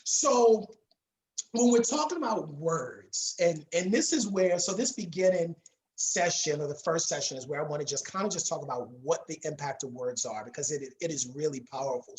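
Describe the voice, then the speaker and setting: A woman's voice: lowish voice, darkish tone, a little hiss or hum. A woman teaching a public speaking class, speaking with emphasis and repeating her key words for weight. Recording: roomy echo.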